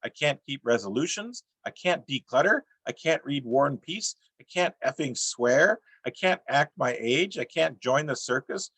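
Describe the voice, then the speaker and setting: A middle-aged man reading his own poems on a video call, with a dry, deadpan delivery and self-mocking jokes. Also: medium pitch, moderate pace, few pauses, slightly rough, no room sound. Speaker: featured poet. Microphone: computer mic on a video call.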